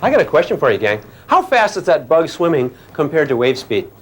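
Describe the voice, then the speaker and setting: A man's voice: fairly high pitch, very animated, a little fast. An older man giving a physics lecture to a class in a playful way, often asking questions and making sound effects.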